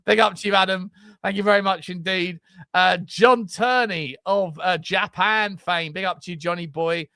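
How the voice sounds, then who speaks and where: High, chatty man, dry sound. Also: normal speed, no room sound. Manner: chatty, laughs often, reads out viewer shout-outs. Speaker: co-host. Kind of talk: casual football podcast chat.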